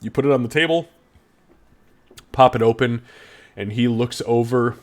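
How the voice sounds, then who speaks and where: Male game master, mid-pitched, quick descriptive narration of a tabletop game. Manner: quick, descriptive, with fillers and restarts.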